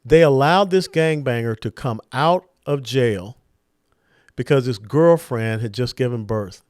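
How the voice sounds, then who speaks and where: A man's voice: medium pitch, no room sound. Emphatic male political commentator, dry sound. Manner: emphatic, punchy, rising to sharp stresses. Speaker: political commentator hosting a monologue. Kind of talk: political monologue.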